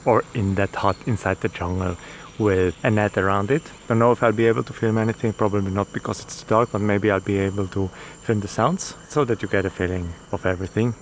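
Guy with a lowish voice doing a chatty travel vlog, jokes about himself, bugs and crickets buzzing loud behind him. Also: fairly even intonation, brisk. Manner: chatty, candid and self-mocking. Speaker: travel vlogger. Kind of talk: casual vlog talk to camera. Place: outdoors in a rainforest. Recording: outdoor clip with loud insect noise. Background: insects and crickets of the forest.

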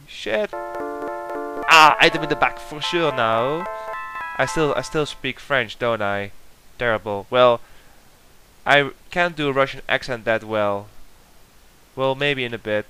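A man's voice: medium pitch, slow pace, long pauses. Chatty man commentating a game. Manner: chatty, reads game clues aloud, mutters at mistakes. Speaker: let's play commentator. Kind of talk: casual gameplay commentary. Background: guitar game music.

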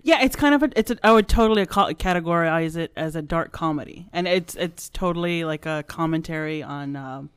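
A chatty, upbeat man talking movies on a podcast, with a smooth, clear voice. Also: fairly high pitch, a little fast, few pauses, fairly bright tone. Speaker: podcast panelist. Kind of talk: casual movie chat.

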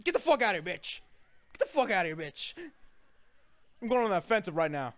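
A young-sounding man with a high, bouncing voice trash-talks through a fighting game with a friend. He leaps from yells to low, smug mutters and laughs constantly. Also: big pitch swings, brisk, pauses often. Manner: swings between yelling and low taunting mutters, laughs often. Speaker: gaming channel host. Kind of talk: trash-talking gameplay commentary.

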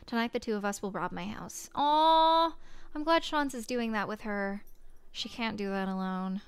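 A woman's voice: mid-range voice, fairly even intonation, moderate pace, smooth, no echo. A woman streamer reading a visual novel aloud and reacting to it with chatty, sympathetic comments. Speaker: gaming streamer.

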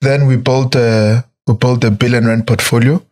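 A South African man hosting a podcast, talking in a relaxed, conversational way and chiming in with short replies. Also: mid-range voice, normal speed. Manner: relaxed, conversational, backchannels often. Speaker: podcast host.

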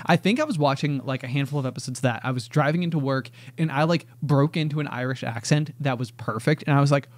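A man co-hosting a podcast, chatting casually in a rambling, animated way full of fillers. His voice sits at a middle pitch. It is recorded close and dry. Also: fast, few pauses, no room sound. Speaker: podcast co-host. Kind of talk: casual chat.

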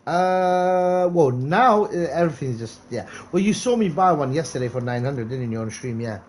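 A man's voice: fairly high pitch, moderate pace. A man streaming a game live, chatting casually and calling out viewers by name. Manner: excitable, calls out viewers by name. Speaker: gaming streamer.

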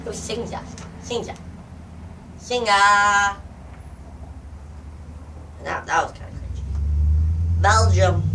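Her voice is medium in pitch with a fairly bright tone, and the recording carries a little hiss or hum, captured from a distant mic with faint outdoor sounds. She's a YouTuber from the United States addressing her viewers outside in the cold, rambling casually, joking and drifting off topic as she says hello.

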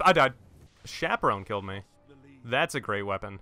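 Excitable young man doing gameplay commentary. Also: lowish voice, normal speed. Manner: excitable, jokey, swears at deaths. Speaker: gaming channel host. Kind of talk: let's-play gameplay commentary.

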